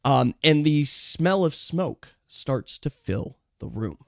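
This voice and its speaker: A game master narrating a tabletop game in a lively way, laughing and making quick asides to the players, on a close, dry mic. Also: medium pitch, gravelly, dry recording.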